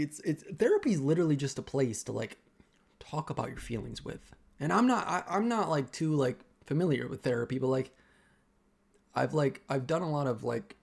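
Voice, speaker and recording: A young man vlogging a casual personal rant, halting and rambling as he keeps restarting his sentences. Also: mid-range voice, gravelly, a little mellow.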